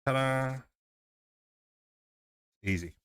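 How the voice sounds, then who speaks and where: With a Southern English accent, this man hosts a livestream, building a model kit and talking casually, wandering off and starting sentences over. His mid-range voice draws out words, fairly bright and clean, with no room sound.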